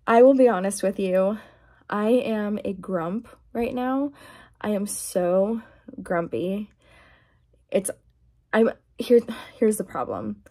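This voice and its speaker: A woman's voice: medium pitch, measured pace. Woman vlogger, casual rant, exasperated, slips into whispers, recorded in a garage. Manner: chatty, exasperated, drifts between talking and whispering. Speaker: ASMR vlogger. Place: garage at home. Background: quiet, dim garage.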